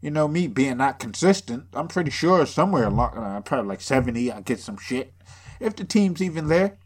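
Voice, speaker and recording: A man's voice: medium pitch, lively intonation, fairly quick, husky. A man from the area, rambling through a casual, profane podcast monologue full of jokes and sarcasm, sounding a bit drunk. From Boston area. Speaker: podcast host.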